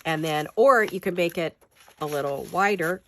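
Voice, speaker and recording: A woman's voice: lowish voice, moderate pace, a bit bright, a little hiss or hum. A woman with a stuffed-up nose from a head cold gives a chatty, rambling, self-deprecating paper-craft tutorial in her home studio.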